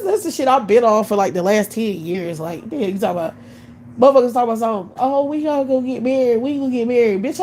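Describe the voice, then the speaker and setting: Woman, late 30s, fiery profane streamer rant, a touch high-pitched, blunt and mocking. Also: darkish tone, a little hiss or hum, low-quality recording. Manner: blunt, scornful, swears constantly, laughs mid-rant. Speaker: livestream host.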